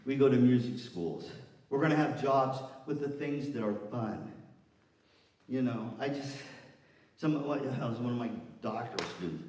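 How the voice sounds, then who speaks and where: A man giving a lively, chatty lecture to music educators, often asking the audience questions. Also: mid-range voice, normal speed. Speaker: guest speaker for music educators. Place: large echoey lecture room. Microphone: distant from the microphone. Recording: echoey room from far off.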